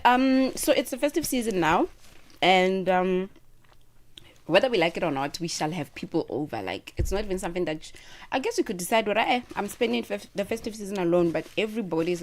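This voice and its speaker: A South African woman hosting a radio show, chatting casually with a guest, laughing often and talking while she eats. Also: medium pitch.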